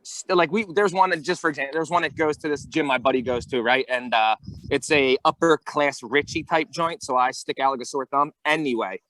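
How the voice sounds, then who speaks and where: A man co-hosting a podcast in casual chat, an animated storyteller who acts out voices and swears. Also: mid-range voice, a little fast, no echo, poor audio. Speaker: podcast co-host.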